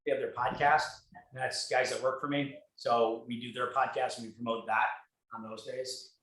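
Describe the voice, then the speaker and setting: A man from Michigan talking shop in a bright, forceful voice, blunt and quick to swear. He acts out both sides of conversations as he tells his stories, and the sound carries a roomy echo. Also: medium pitch, little pitch movement. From Michigan, USA. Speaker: guest speaker, real estate team leader. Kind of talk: casual conversational storytelling on a video call.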